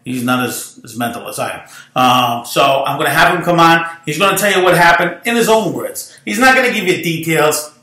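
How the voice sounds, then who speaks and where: A man's voice: on the high side, expressive, brisk, sharp tone. A middle-aged man, a real estate broker giving a rambling, self-promoting motivational talk. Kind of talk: casual motivational monologue. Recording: echoey room.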